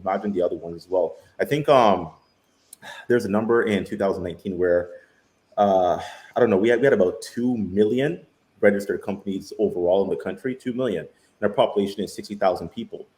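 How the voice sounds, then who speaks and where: A man with a very low, deep voice talks loosely on a live crypto panel. He takes his time, trails off with fillers, and hedges his points. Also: fast talker, a little mellow. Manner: laid-back, hesitant, with many fillers. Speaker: round table panelist. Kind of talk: casual live-stream discussion.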